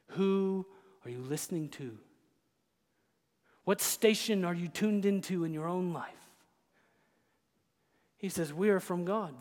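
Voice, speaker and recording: A man preaching a sermon as pastor, with impassioned delivery that swings between loud proclamation and hushed intensity. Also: sits high. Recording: long church reverb.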